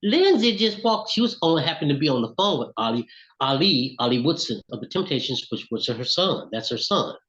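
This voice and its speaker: A middle-aged man from Alabama with a Southern accent, telling lively stories as an interview guest. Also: mid-range voice, a little fast, muffled recording. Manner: animated storyteller, acts out voices in quotes. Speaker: recording artist, interview guest. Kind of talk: storytelling in casual interview.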